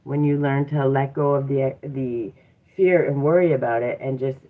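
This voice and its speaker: A woman's voice: very deep voice, fairly even intonation, normal speed. A woman hosting a motivational livestream, talking reflectively and encouragingly with rhetorical questions and frequent "um"s. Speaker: livestream host and mindset coach. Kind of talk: casual motivational livestream talk. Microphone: device mic from a live stream. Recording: tinny phone-like live stream audio.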